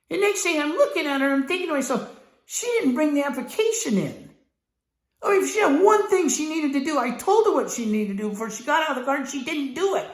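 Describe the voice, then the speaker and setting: A man teaching a sales class, blunt and profane, acting out his pitch dialogue. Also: sing-song, moderate pace, fairly bright tone, reverberant. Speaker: sales trainer.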